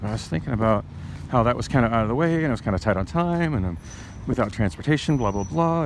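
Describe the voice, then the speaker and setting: A man talking to camera in a rambling, halting way, with many fillers and restarts, while out on a city street. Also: medium pitch, slight background noise. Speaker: vlogger. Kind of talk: casual vlog monologue.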